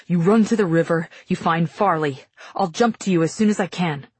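Woman reading a wounded young man: gruff, low, husky, teeth clenched. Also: normal speed, darkish tone, no echo. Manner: growled through clenched teeth.

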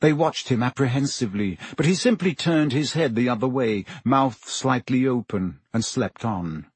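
Guy reading a novel aloud, slightly husky, dry close sound. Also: medium pitch, lively intonation, normal speed, dry recording. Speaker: audiobook narrator. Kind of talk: scripted narration.

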